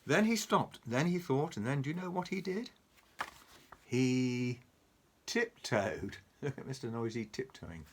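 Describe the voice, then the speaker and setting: A man reading a picture book aloud to a child, animated and chuckling, pointing out the pictures. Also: medium pitch, unhurried, slight background noise.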